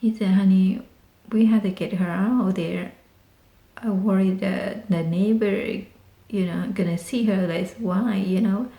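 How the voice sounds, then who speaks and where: A woman with tells a family story as a vlog, excited and animated, piling on dramatic exclamations. Her voice sounds warm and mellow. It echoes in a roomy space. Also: medium pitch, a little slow. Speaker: vlogger. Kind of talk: casual storytelling. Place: home in rural Texas.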